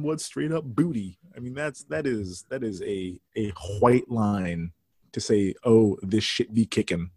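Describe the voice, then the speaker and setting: Man, podcast host, casual chat, relaxed, chuckling, dry close-miked sound. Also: medium pitch, unhurried, husky, no echo. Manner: relaxed, chuckling, recounting lines.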